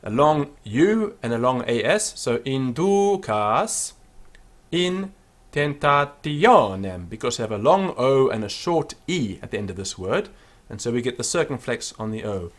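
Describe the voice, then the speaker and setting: A man giving a Latin pronunciation lesson, chanting each phrase slowly and then explaining the sounds. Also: medium pitch, big pitch swings. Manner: slow, deliberate, sings out each Latin word then explains. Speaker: Latin teacher.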